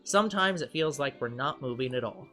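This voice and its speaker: Soft music plays behind a medium-pitched man who talks a little fast as he reads a visual novel on his game channel. Lively and joking, he mixes let's play narration with banter and bursts of animated laughter.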